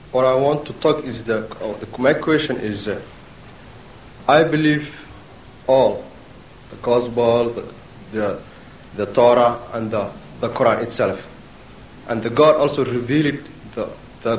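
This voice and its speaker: A man in the audience putting a question to a speaker, hesitant and stumbling over his words. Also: mid-range voice. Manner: hesitant, full of fillers and restarts. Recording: echoey hall, distant mic, faint hiss.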